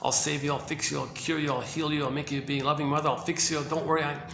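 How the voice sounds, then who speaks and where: A man's voice: a little high, level tone, fast, creaky, fairly bright tone, roomy sound, a little hiss or hum. A man voicing the inner voice of a frightened baby boy who pleads with his mother in frantic, repetitive questions. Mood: desperate pleading.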